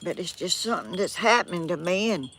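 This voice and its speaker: A woman's voice: lowish voice, expressive, brisk, fairly bright tone, slight background noise. An older woman from Georgia with a Southern accent, chatting in a rambling, apologetic way to viewers of her live stream outdoors on a breezy morning, talking into a phone or tablet on a tripod. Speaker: vlog host. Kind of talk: casual live-stream chat.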